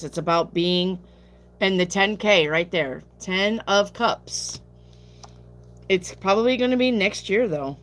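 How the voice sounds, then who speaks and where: A woman's voice: lowish voice, fairly bright tone. A woman reading tarot on a live stream, chatting casually, reading viewer questions aloud and answering them bluntly, sounding sleepy. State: sleepy, yawning.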